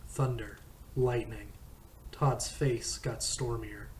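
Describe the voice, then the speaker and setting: A man reading a novel aloud in a slow, measured first-person narration. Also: medium pitch, steady tone, darkish tone, rough recording. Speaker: audiobook reader.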